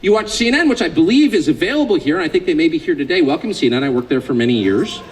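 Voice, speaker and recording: A man's voice: on the high side, animated, racing, low-quality recording. An American man giving a public speech to a live audience, sardonic and joking, growing more impassioned as he goes. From United States. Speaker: invited speaker.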